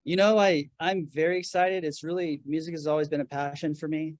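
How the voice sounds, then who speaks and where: A man with a fairly high voice speaks earnestly, stopping and restarting as he goes. The sound is dry and close, with no room echo. He talks about faith and work in a relaxed interview. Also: fairly quick. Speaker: guest, record label founder. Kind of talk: casual interview. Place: his office.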